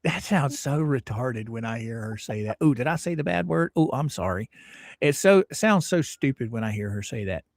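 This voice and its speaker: A man's voice: medium pitch, expressive, moderate pace, dry recording. Man, livestream host, casual commentary, joking, rambling, dry close sound. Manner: rambling, joking, laughs often.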